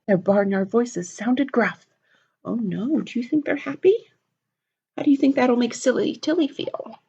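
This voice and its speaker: A woman librarian reading a picture book aloud at a children's storytime, animated and asking the kids questions. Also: a little high, a little slow, husky. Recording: dull lo-fi recording.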